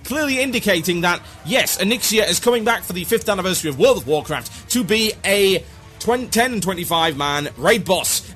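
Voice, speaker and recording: A man's voice: fairly high pitch, a bit bright. A man hosting a comedic gaming podcast, ranting theatrically and sarcastically. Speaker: podcast host.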